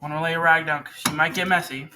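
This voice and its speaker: A man's voice: on the high side, fairly even intonation, fast, noisy background. A teenage boy hosting a casual how-to, rambling and chatty as he works at a home workbench, often correcting himself. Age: teens. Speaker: channel host demonstrating repair.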